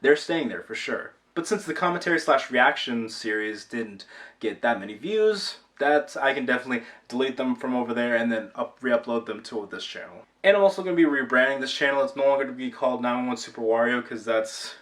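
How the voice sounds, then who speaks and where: A man's voice: mid-range voice, lively intonation, fairly quick, a bit bright, far from the mic. Rambling young man, a bit off-mic. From Rhode Island, USA. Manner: rambling, self-deprecating, restarts sentences. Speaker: YouTube channel owner. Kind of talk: casual vlog chat.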